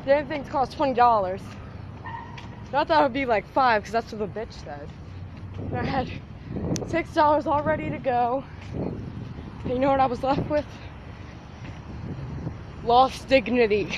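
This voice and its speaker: A woman's voice: high voice, unhurried, long pauses, lo-fi sound. A teenage girl vlogging outdoors on a city street from a handheld device, rambling, self-mocking and swearing constantly. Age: teen. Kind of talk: casual rambling vlog. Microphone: handheld phone or tablet. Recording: loud street traffic noise. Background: street traffic.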